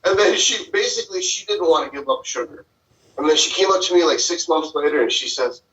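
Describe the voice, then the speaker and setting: A man with a fairly high, bright voice tells stories bluntly and swears freely in casual podcast chat. He sits back from the microphone in an echoey room, and the sound comes through dull and lo-fi. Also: animated, brisk. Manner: blunt, profane storyteller. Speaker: physician and podcast host. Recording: roomy, distant, dull lo-fi sound.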